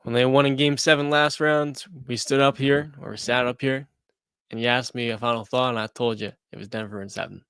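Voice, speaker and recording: A man on a sports panel, talking in a quick, defensive, analytical way. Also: medium pitch, steady tone, a bit bright, clean tone, no room sound, studio quality. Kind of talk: casual sports debate.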